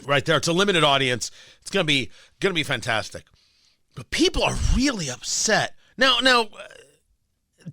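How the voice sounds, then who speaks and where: A middle-aged man hosting a talk radio show, opinionated and animated, often restarting his sentences. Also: sits high, no echo. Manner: animated, opinionated, self-amused, frequent restarts. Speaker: radio and podcast host.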